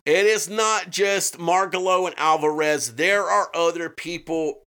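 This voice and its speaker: A true-crime podcast co-host chats casually, swearing often, restarting sentences and using lots of fillers. His voice is a little high and a little slow, with a sharp tone.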